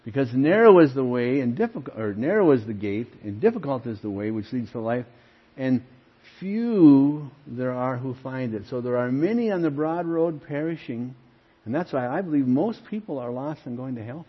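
A man's voice: medium pitch, very animated, moderate pace, breathy edge, highs cut off. An older man, a pastor, preaching a sermon with earnest emphasis and calling his listeners friends.

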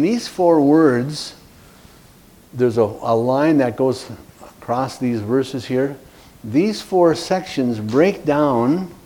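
A man teaches a class in an earnest, plain way, doubling up words to stress them. His voice sits at a middle pitch and has a warm, mellow color. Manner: earnest, repeats words for emphasis. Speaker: evangelism trainer.

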